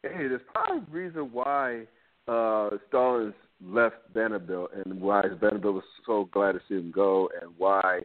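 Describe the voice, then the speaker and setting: A man's voice: on the low side, moderate pace. Opinionated man on a tinny phone line. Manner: opinionated, chuckling asides. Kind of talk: casual sports podcast chat.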